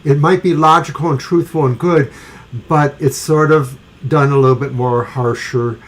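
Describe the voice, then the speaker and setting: A man's voice: on the high side, steady tone, moderate pace, rough recording. Chatty man co-hosting a tarot show. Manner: chatty, rambling, self-correcting. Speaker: tarot reader co-host. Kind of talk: casual live tarot reading.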